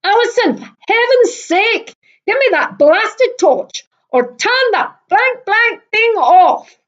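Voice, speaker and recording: A woman voicing a big, cross middle-aged woman who sounds shrill and urgent while stuck outdoors at night. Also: sing-song, slow pace, muffled recording, heavily acted. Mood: exasperated.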